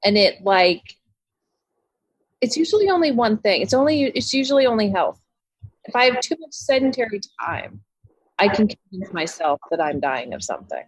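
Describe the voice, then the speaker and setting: A woman's voice: medium pitch, big pitch swings, normal speed, slightly rough, no echo, rough recording. A woman in her thirties on a remote call, chatting in a matter-of-fact, reflective way. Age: 30s. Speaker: guest. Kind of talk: casual chat.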